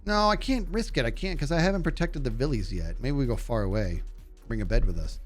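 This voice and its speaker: A man's voice: mid-range voice, animated, a little fast, soft background music. A man with a nasal voice chatting casually on a gaming livestream, reading and answering his chat as he plays. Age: adult. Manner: chatty, reads and answers chat while playing. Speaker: streamer.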